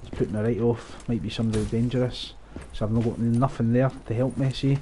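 A man giving live, profane, rambling commentary over his own gameplay, breaking into excited outbursts. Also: medium pitch, brisk, a little hiss or hum. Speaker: gaming channel host.

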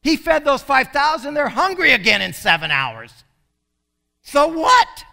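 Animated, high-voiced male preacher. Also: normal speed, gravelly. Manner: animated, emphatic preaching with sudden loud bursts. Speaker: pastor. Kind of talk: sermon.

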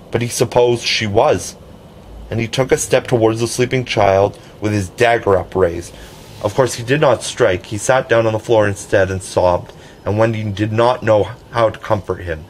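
A man's voice: fairly low pitch, moderate pace, slight background noise, poor audio. Man reading a storybook aloud. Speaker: audiobook narrator. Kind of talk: scripted storybook narration.

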